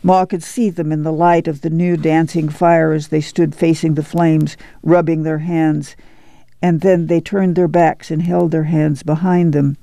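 Male audiobook narrator, measured and gravelly, somewhat higher pitch, dry. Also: flat delivery, warm tone, no echo. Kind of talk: scripted narration.

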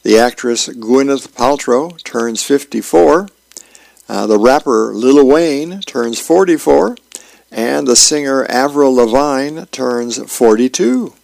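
Gravelly man reading comics aloud. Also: medium pitch, slow pace, a little mellow, dry recording. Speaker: radio host.

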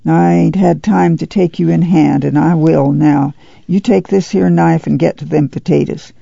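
A stern, practical farm mother talks in blunt rural dialect, voiced by a man with little change from his reading voice. The voice is deeply gravelly and dark. The sound is dull and dry, like an old studio read. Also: fairly even intonation, moderate pace, no echo, heavily acted. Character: steady, stern farm mother, middle-aged woman.

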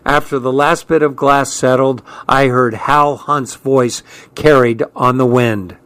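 A man reading a first-person story aloud in a measured, tense storytelling manner. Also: medium pitch, steady tone, a bit bright, clear, resonant tone, no echo. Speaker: audiobook narrator. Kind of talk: scripted first-person narration.

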